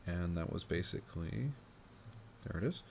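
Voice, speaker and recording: A man with a very low, gravelly voice talks through charts in a loose, thinking-aloud way, full of fillers and restarts. A faint background hum sits under his voice. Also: lively intonation, moderate pace, darkish tone. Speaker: astrologer host. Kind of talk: informal talk walking through charts.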